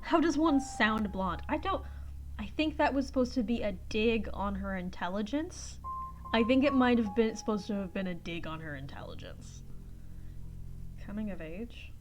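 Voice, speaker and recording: A woman's voice: medium pitch, lively intonation, moderate pace. Chatty laughing woman streamer. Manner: chatty, laughs often, reads choices aloud. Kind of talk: casual gameplay commentary. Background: game music.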